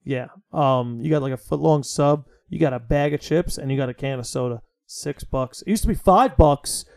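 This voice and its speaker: A young man hosting a podcast, chatting casually and telling stories in a profane, animated way. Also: medium pitch, normal speed, vocal fry. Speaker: podcast host. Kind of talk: casual chat.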